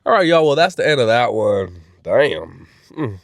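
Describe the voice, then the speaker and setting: A man casually recapping a reality show episode, animated and dramatic, with slang-heavy speech. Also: fairly quick, no room sound, clean studio sound. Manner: animated, dramatic, acts out quotes in high voices. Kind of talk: casual reaction commentary.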